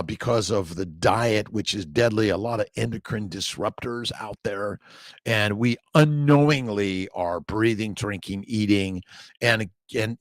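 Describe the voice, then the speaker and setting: A man's voice: lowish voice, no room sound, clean studio sound. A middle-aged man, a doctor hosting a morning livestream, talking loosely and repetitively as he reads viewer comments, preachy and casually swearing.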